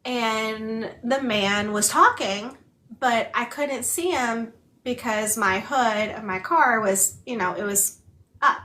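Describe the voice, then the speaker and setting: A woman's voice: fairly high pitch, takes it slowly, bright, forceful tone. A woman co-hosting a book club, chatting casually in a rambling way full of filler words while she also signs. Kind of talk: casual chat.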